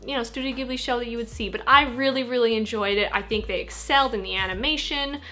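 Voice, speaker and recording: A woman's voice: a little high, quick pace, pushed and bright, faint music behind. A woman guest on a film review, talking casually and chattily with lots of qualifiers. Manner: chatty, with fillers and repeated qualifiers.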